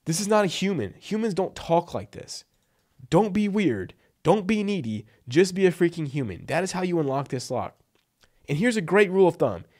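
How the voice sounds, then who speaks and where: A man's voice: high voice, a little mellow. A man giving blunt, emphatic copywriting advice in a casual vlog, tossing in "like" and "right?" as he goes. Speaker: freelance copywriting coach.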